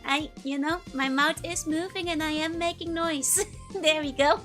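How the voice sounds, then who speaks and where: Giggly high-voiced woman streamer. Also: steady tone, normal speed, a bit bright, faint music behind. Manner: bubbly, giggly, greets chat by name. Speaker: VTuber streamer. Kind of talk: casual live-stream chat.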